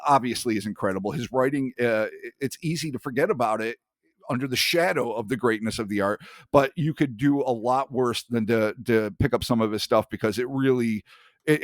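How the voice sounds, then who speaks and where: A man's voice: medium pitch, no echo, studio quality. A man co-hosting a podcast, thoughtful and articulate, swearing casually. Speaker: podcast co-host. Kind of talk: casual chat.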